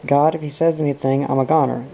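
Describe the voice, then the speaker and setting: A man reading aloud, voicing a frightened, guilty boy who pleads with God in a low mutter. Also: fairly even intonation, fast talker, vocal fry, dark tone, a little hiss or hum, close to an everyday voice, low-quality recording. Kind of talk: audiobook reading.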